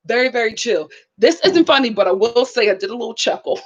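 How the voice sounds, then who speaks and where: Lively high-voiced woman reviewing TV. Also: quick pace, dull audio. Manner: animated, laughs often, acts out quotes. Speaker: reality TV reviewer, channel host. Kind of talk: casual live show review.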